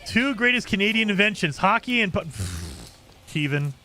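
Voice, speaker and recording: A man streams gameplay and chats casually, responding to viewers' comments and leaning on fillers. His high voice is pushed and bright, with lively intonation at normal speed, and there's a little hiss or hum.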